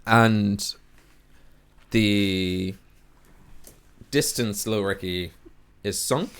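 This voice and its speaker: Low-voiced man narrating as game master. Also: clean tone. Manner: halting narration with many fillers. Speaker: dungeon master.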